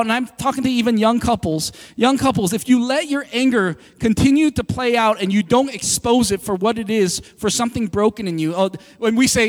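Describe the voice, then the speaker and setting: A male pastor with a high voice preaches in a casual, animated way, acting out little back-and-forth conversations. His voice carries a long hall reverb, as if he is in a large church. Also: normal speed, few pauses. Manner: animated, conversational, acts out quoted dialogue. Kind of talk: sermon.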